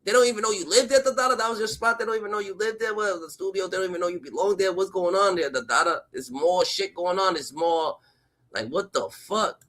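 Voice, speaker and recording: A man's voice: sits high, quick pace, fairly bright tone, poor audio. A man giving casual, profane reaction commentary, filling his phrases with "da, da, da" and firing off incredulous rhetorical questions. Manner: profane, rambling, fills every phrase with "da, da, da".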